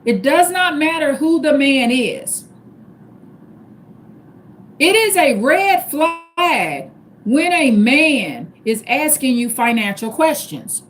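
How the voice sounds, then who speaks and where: A woman's voice: high voice, very animated, slow pace, slight background noise. A woman hosting a live stream, giving casual advice in a repetitive, emphatic way that spells each point out step by step. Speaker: livestream host.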